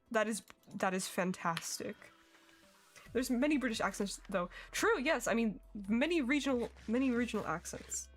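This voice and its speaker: Young woman, casual stream chat, giggly, slightly high voice, faint background music. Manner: chatty, giggly, reacting to chat.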